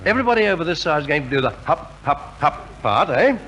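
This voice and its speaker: A man's voice: a little high, very animated, quick pace, a bit bright, rough recording. A man compering a 1950s radio variety show in a hearty, jovial, chatty way. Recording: old radio recording with faint hiss.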